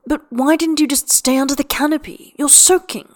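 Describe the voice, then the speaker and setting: A woman voicing a sharp-tongued, theatrical young male vampire who snaps indignantly. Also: high voice, moderate pace, pitched above the performer's own voice, lightly acted. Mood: exasperated. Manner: indignant, exasperated snapping.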